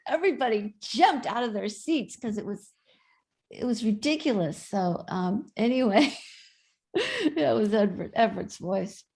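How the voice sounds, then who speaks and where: A woman's voice: mid-range voice, normal speed, creaky, a little mellow. A woman guest in an interview, chatting and telling stories in an easy way. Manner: chatty anecdotal storyteller. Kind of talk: casual interview storytelling.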